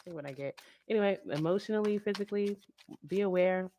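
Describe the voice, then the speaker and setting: A woman giving a casual tarot reading in an animated way, full of slang, acting out the voices she quotes. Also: medium pitch, fast talker, slight background noise. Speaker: tarot reader.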